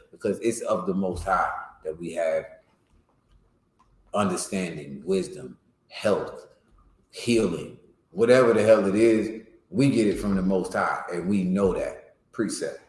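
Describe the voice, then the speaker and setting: Lower-voiced man teaching a Bible class. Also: a little slow, a little mellow. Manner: explains verses in plain slang, often asks "you know what I'm saying?". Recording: echoey room.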